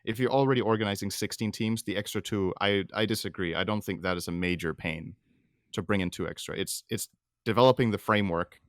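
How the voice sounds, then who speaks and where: A man's voice: lowish voice, brisk, no room sound, studio quality. A man co-hosting a podcast, arguing a point casually and reasoning aloud. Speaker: podcast co-host. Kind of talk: casual chat.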